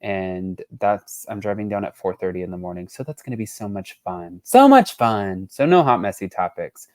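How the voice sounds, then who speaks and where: A man hosting a casual celebrity gossip channel, reading out quotes with lively emphasis and chatting to his viewers off camera. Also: low voice, fairly quick, no room sound, clean studio sound. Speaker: host. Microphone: not on camera, voice-over.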